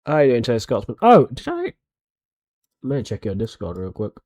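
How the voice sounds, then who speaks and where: A man's voice: mid-range voice, huge pitch swings, fairly quick, darkish tone, dry recording, studio quality. A man streaming live, chatting casually and a bit ramblingly with his viewers as he greets them.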